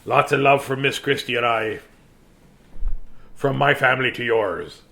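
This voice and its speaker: A man hosting a bedtime story video, hoarse, talking in a playful, silly way with pirate growls. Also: mid-range voice, unhurried, bright, forceful tone. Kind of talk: casual bedtime sign-off to viewers.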